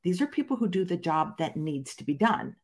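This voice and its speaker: A woman's voice: fairly low pitch, sing-song, brisk, a little mellow. A woman guest in a conversational interview, explaining her research fluently and with emphatic stresses.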